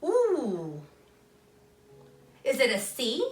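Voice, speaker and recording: A woman teacher giving a phonics lesson to children, sounding out letters slowly and clearly and asking listeners to say the words with her. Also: sits high, huge pitch swings, roomy sound, distant mic.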